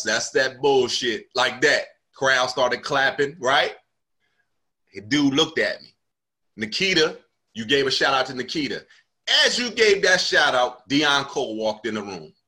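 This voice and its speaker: A man's voice: medium pitch, very animated, normal speed, bright, forceful tone. A male comedian in casual conversation, animatedly telling a story and acting out what people said.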